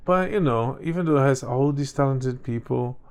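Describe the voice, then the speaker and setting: A man's voice: medium pitch, normal speed, darkish tone, clean tone. A man co-hosting a casual chat show, talking in a rambling way with many restarts and fillers. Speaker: podcast co-host.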